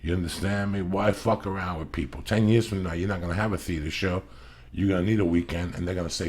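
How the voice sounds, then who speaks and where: A man's voice: low voice, fairly even intonation, fast talker, darkish tone, slightly rough. A middle-aged man hosting a podcast, telling rambling stories in a casual chat, swearing constantly and pressing his points hard. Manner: profane, rambling, emphatic storyteller. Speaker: podcast host.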